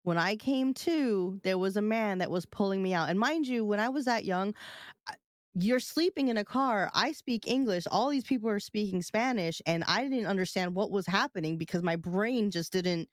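A woman's voice: medium pitch, normal speed, no echo, studio quality. A woman co-hosting a casual podcast, telling a personal story at length, full of filler "like"s. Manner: rambling, many filler "like"s. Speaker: podcast co-host. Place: live-streamed podcast studio.

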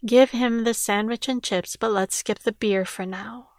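A woman reading the lines of a sharp-tongued ex-wife with a curt, contemptuous manner, in a storybook reading. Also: fairly high pitch, steady tone, measured pace, no echo, clean studio sound, lightly acted. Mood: firm.

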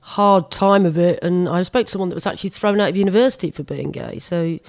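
A British woman hosting a podcast, asking gentle, sympathetic questions in an interview. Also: on the low side, fast, creaky, no echo. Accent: British English. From United Kingdom. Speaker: podcast host.

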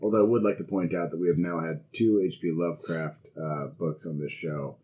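A man's voice: deep voice, steady tone, fairly quick, mellow, muffled recording. A man co-hosting a podcast, riffing sarcastically and swearing freely. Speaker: podcast co-host. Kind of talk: profane comedic banter.

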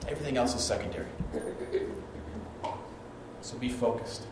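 A middle-aged man preaching a sermon as pastor, telling stories and acting out quotes with big swings from soft to loud. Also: medium pitch, normal speed, background noise. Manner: storytelling preacher, acts out quotes, dynamic swings in volume. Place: church sanctuary. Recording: echoey church hall, mic at a distance.

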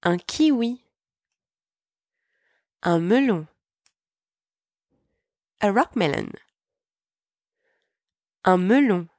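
A woman teaching a podcast French lesson, pronouncing each word slowly and clearly so listeners can repeat after her. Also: medium pitch, animated, a little mellow, no room sound, studio quality. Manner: clear, slow, deliberate pronunciation for repeating. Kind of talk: podcast language lesson with repetition drills.

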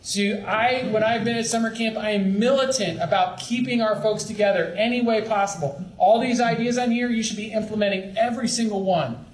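A man's voice: high voice, steady tone, a little fast, hardly any pauses. A young man leading a youth ministry training talk, earnest and pleading, acting out little asides. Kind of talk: training talk to camp leaders. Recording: echoey room with faint background noise.

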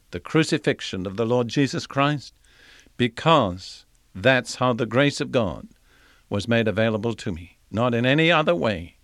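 A man delivering a Bible teaching in an earnest, measured manner, pausing to read scripture aloud. His voice sits in an ordinary middle register, recorded close and dry with no room sound around it. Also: medium pitch, no echo.

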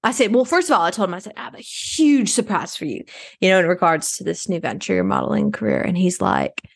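An actress playing a self-absorbed rich suburban adoptive mom in an improvised comedy podcast, rambling and oversharing. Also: female voice, mid-range voice, big pitch swings, quick pace, gravelly, dry recording, heavily acted. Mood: rambling, chatty.

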